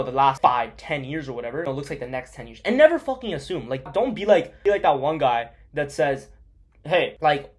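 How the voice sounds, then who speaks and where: A young man coaching on sales in a blunt, profane, casual monologue, full of fillers. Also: fairly high pitch.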